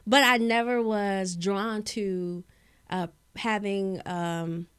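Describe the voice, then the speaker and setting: Her intonation stays fairly even as she talks slowly in a clear, resonant, medium-pitched voice, with no room sound in the recording. She's a young public speaking coach from Maryland, USA, sharing her story in a casual interview with careful, articulate diction.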